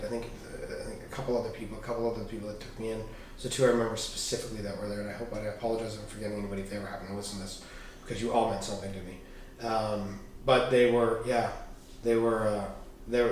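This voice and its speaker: Man, podcast guest, candid storytelling, animated, echoey room, distant mic. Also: fairly low pitch, a little hiss or hum. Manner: animated, swearing, acts out quoted dialogue.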